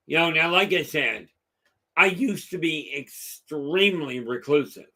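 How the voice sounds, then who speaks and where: Middle-aged male host, casual rambling chat, bright and fairly high-pitched. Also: expressive, unhurried. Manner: rambling storyteller, lots of fillers. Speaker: live stream host. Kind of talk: casual chat with live chat viewers.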